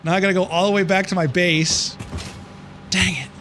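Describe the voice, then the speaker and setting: A man's voice: sits high, fairly even intonation, moderate pace, music in the background. A man streaming a building game live, chatting casually, easily confused and answering his chat as he plays. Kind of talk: casual live gameplay commentary.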